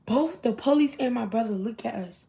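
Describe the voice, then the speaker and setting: A young adult woman telling a storytime to her viewers in an animated, chatty way. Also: fairly high pitch, normal speed, gravelly, slightly rough. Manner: animated, chatty, heavy use of 'literally' and 'y'all'. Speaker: vlogger. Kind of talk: casual storytime.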